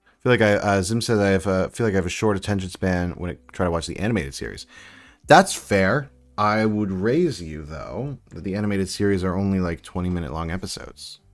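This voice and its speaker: A man's voice: sits low, brisk, faint music behind. Chatty man on a casual live stream. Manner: chatty, rambling, answers chat while building. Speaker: livestream host building sets.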